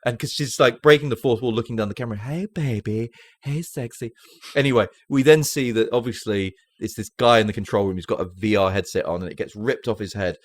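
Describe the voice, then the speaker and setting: A man co-hosting a podcast, telling film scenes with animated, casual chat. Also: fairly low pitch, no room sound. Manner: animated storytelling, quick asides. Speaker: podcast co-host.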